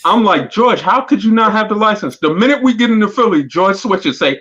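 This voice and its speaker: Lively high-voiced man telling stories. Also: a little fast. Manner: animated storyteller acting out quotes. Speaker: podcast crew member. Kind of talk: casual group chat. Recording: lo-fi dull sound.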